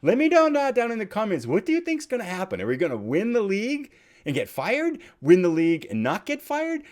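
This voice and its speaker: A man hosting a let's play, thinking aloud as he plays and swinging from quiet muttering to loud excited cheering. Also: high voice, brisk. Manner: chatty, thinks aloud while clicking. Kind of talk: game commentary.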